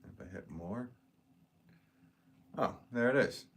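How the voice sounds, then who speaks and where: A man's voice: medium pitch, lively intonation, slow, fairly bright tone, slight background noise. A man hosting a pottery livestream, chatting casually and reading viewer comments aloud in a laid-back way, chuckling often. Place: pottery studio, indoors.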